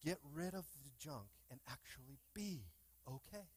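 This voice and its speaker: This male pastor speaks on the high side with an animated, breathy edge at a normal speed. Preaching his sermon in the church sanctuary, he poses call-and-response questions to the congregation amid fervent outbursts.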